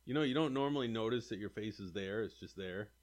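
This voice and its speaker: A man's voice: lowish voice, fast. A man in casual chat who rambles through his stories, fills them with "like" and acts out what people said. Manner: rambling, full of "like", acts out quotes.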